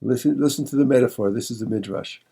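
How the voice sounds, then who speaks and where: Dark-voiced rabbi teaching Torah. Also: male voice, mid-range voice, vocal fry, husky. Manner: reads Hebrew verses quickly, then translates slowly with many fillers; reflective, poses questions to the listener.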